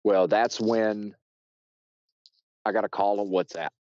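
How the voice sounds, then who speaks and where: An American man, a podcast guest, telling a story casually with many restarts and fillers, shouting loudly when he acts out quotes. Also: lowish voice, fairly even intonation, slow, lo-fi sound. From United States. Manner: rambling, with frequent restarts and fillers.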